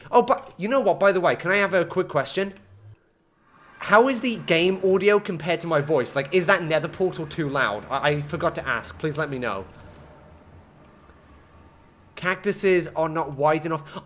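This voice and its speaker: Male game streamer, sharp bright tone, fed-up running commentary. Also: high voice, normal speed. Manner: exasperated, talks to himself and chat. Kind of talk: live-streamed gameplay commentary.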